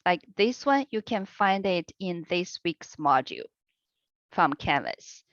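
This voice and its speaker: A woman teaching an online language class over a video call, with a patient, encouraging manner and unhurried explanations. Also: on the low side, big pitch swings, fairly bright tone, no echo. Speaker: online Chinese language instructor. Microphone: computer mic on a video call. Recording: lo-fi video-call audio, dry.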